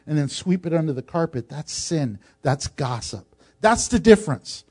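A man's voice: a little high, animated, normal speed, a little mellow. A male pastor preaching a sermon in a conversational way, with joking asides.

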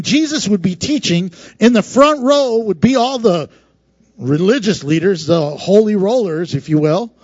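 A man preaching a sermon in a conversational, animated way, laughing often and acting out voices. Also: high-pitched, no echo, dull audio. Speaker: pastor.

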